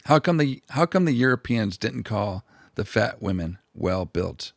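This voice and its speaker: A man's voice: on the low side, very animated, unhurried, gravelly, few pauses, no room sound, clean studio sound. A man hosting a history channel, rambling through profane, mocking comedic commentary full of asides and restarts.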